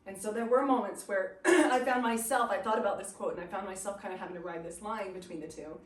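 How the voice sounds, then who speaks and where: A woman's voice: mid-range voice, quick pace. A woman teaching a literature class, chatty, often laughing and reading passages aloud. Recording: echoey classroom from far off, faint noise.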